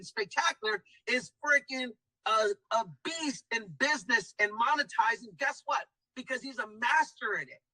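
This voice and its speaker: A man's voice: very high voice, bright, forceful tone, no echo, far from the mic, poor audio. A man giving an emphatic motivational testimonial, keeps saying guys and hyping people up. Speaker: testimonial speaker. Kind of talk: motivational pitch.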